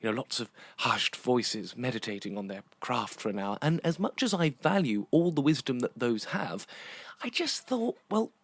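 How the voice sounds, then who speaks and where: British male podcast host, lively pitch. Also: moderate pace, hardly any pauses, no echo. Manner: playful, teasing, chatty. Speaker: podcast host and theatre director. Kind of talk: casual interview chat and monologue.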